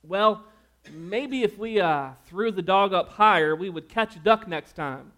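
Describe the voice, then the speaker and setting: A man's voice: high-pitched, unhurried, a bit bright. A man voicing a hapless young city-boy duck hunter with a hesitant, earnest way of talking.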